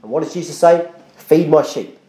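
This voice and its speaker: A man's voice: on the high side, moderate pace, mellow, echoey room. A male pastor, preaching a sermon in a conversational way, with frequent restarts and acted-out quotes. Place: church.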